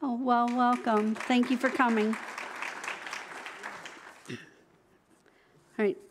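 A woman with a mid-pitched voice reads the church announcements and welcomes visitors. She talks in a friendly way, pausing on fillers as she goes. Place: church sanctuary.

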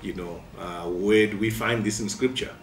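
Low-voiced pastor preaching. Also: male voice, a little hiss or hum. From Zimbabwe. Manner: earnest, steady preaching with frequent pauses. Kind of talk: midweek devotion sermon. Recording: roomy sound from a distant mic, faint music.

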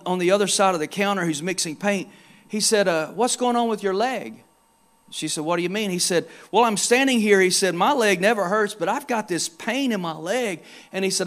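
Male pastor, high-pitched, storytelling sermon with emphatic bursts. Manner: storytelling, quoting others in his own voice; grows loud and emphatic in exhortation.

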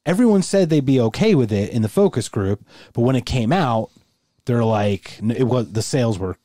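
Podcast dude just chatting, mellow low-key tone, dry close sound. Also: male voice, expressive, moderate pace, no echo. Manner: rambling, restarts a lot, mimics the people he talks about. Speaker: podcast co-host. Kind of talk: casual chat.

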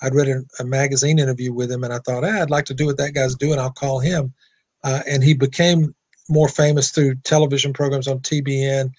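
A man guest telling a lively anecdote in an interview, acting out the dialogue. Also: mid-range voice, brisk, no room sound. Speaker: guest attorney. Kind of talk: storytelling in an interview.

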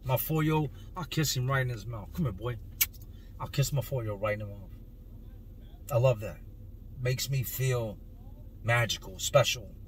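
A man's voice: mid-range voice, normal speed, long pauses, slight background noise. Earnest man telling his own story. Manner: earnest, emotional, stretches words for emphasis. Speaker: vlogger. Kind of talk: personal storytelling to camera.

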